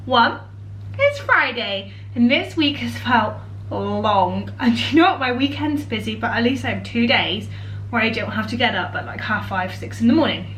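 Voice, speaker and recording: A woman's voice: on the high side, animated, moderate pace, a bit bright, a little hiss or hum, low-quality recording. A woman with a British English accent talking casually and cheerfully in a home cookery vlog, laughing often. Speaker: vlogger, homemaker. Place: home kitchen.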